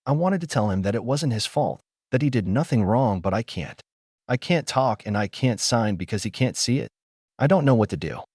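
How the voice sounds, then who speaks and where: A man reading a fan story aloud in an expressive first-person narration. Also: mid-range voice, moderate pace, slightly rough, dry recording, studio quality. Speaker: story reader.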